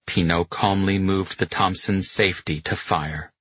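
Deep, husky man narrating slowly. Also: fairly even intonation, fairly bright tone, dry recording. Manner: measured, dramatic storytelling. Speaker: audiobook narrator. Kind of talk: scripted narration. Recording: slightly muffled dry recording.

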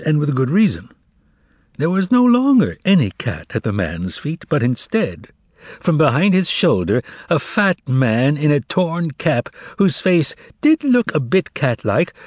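A male audiobook narrator with a husky voice and a lively, wide-ranging delivery. He reads in measured, expressive literary narration, recorded close and dry. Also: medium pitch, dry recording.

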